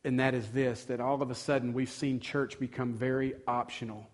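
A man's voice: medium pitch, level tone, moderate pace. A male pastor, preaching an earnest sermon that builds to emphatic passages.

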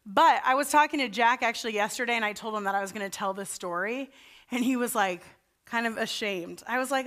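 A woman's voice: fairly high pitch, a little fast, fairly bright tone. A woman pastor giving a sermon in a chatty, story-telling way, with self-deprecating asides.

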